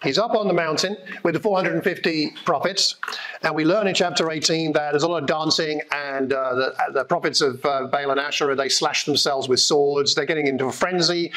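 A man preaching a sermon in a conversational, storytelling way, with lively asides. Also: on the high side, normal speed, rough recording.

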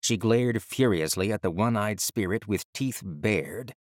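A man narrating an audiobook in a steady, measured storytelling manner. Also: lowish voice, dry recording, clean studio sound.

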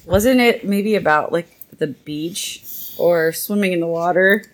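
A woman's voice: lowish voice, unhurried. A woman in her thirties hosting a podcast in casual, playful chat, laughing often. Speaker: podcast host.

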